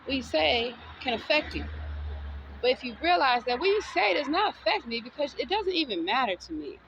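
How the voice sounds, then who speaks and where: A woman's voice: high voice, big pitch swings, a little fast, a bit bright, dull audio, a little hiss or hum. Sassy woman. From Southern United States. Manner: sassy, defiant, preachy. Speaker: vlogger. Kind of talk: motivational monologue.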